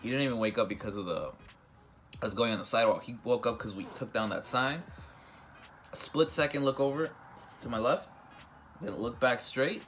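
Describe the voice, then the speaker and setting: A man's voice: medium pitch, normal speed, pauses often, a bit bright, slight background noise. A young man telling a casual storytime vlog, rambling with many fillers and restarts. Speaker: vlogger.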